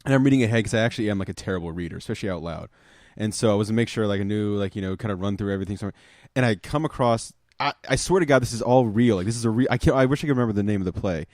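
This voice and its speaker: A man's voice: lowish voice, very fast, a little mellow, no room sound. Young guy cohost telling dumb school stories, laughs a lot, dry close mic. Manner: laughs through his own stories, rambling with fillers. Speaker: podcast co-host. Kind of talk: casual storytelling chat.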